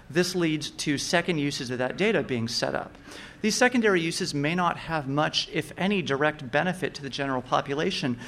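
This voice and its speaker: Man, slightly high voice, measured explanatory talk, faint ambient hum behind. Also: a bit bright. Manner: measured, explaining with fillers and restarts. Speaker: speaker giving a talk.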